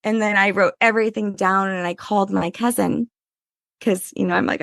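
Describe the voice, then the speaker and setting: Woman guest, chatty and animated, gravelly edge, mid pitch. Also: normal speed, no echo, studio quality. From Louisiana. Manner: animated, full of "like", acts out voices in her story. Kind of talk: casual interview storytelling.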